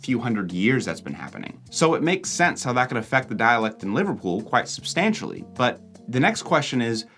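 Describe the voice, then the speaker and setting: A young American man from Oregon narrating a travel vlog with a chatty, animated delivery. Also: mid-range voice, fairly quick, hardly any pauses, faint music behind. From Oregon, USA. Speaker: vlogger host.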